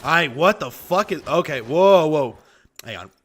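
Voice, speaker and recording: A man's voice: on the high side, expressive, unhurried, a bit bright. A man giving casual, profane, opinionated commentary while he plays a game. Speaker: gaming streamer.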